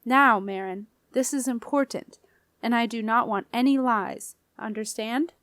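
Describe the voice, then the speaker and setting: A woman voicing a stern, patient older witch aunt who speaks briskly. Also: fairly high pitch, fairly bright tone, no echo, studio quality.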